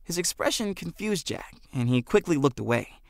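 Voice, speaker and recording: A man reading an audiobook aloud as narrator, with expressive storytelling. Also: fairly high pitch, normal speed, creaky, no echo, clean studio sound. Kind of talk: scripted narration.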